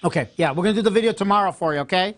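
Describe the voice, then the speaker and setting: A man's voice: sits high, very fast, a bit bright. A male host in casual, chatty conversation who laughs easily. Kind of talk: casual chat.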